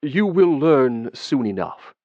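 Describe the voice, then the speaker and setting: A man voicing a dangerous male elf who speaks pleasantly, low and weary. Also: big pitch swings, takes it slowly, no room sound, lo-fi sound. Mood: cool. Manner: pleasant but menacing, low-voiced.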